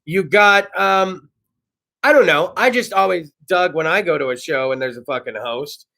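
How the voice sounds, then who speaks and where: A man's voice: on the high side, normal speed, gravelly, bright, forceful tone. A man in his thirties from California hosting a casual talk show, rambling and profane. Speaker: host. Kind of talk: casual monologue. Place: studio.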